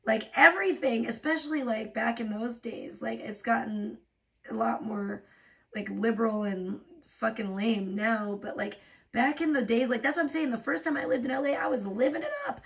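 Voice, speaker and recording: A woman's voice: a little high, normal speed, a bit bright, far from the mic. A woman hosting a livestream, ranting in a profane, rambling way and laughing often. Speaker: livestream host. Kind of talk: casual livestream rant.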